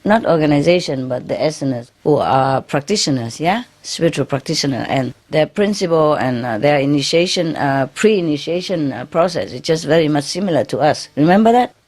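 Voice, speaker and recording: A woman with a low voice gives an informal spiritual talk to her followers. She is chatty and laughs often, tags her phrases with "yeah?", and speaks English as a second language with many fillers and restarts. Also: lively intonation, fairly quick, hardly any pauses, darkish tone. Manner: non-native English grammar, frequent fillers and restarts. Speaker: spiritual teacher.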